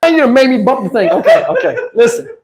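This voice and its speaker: Brief: middle-aged male host, high voice, acts out voices while telling a story. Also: fast talker, noisy background. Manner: animated, acts out other people's voices. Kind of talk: casual storytelling chat.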